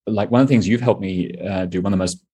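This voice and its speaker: Male podcast guest, low husky voice, chatty, laughs a lot. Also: warm tone. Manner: chatty, laughs often, quick bursts of delight. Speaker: coaching client, guest. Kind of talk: casual podcast conversation.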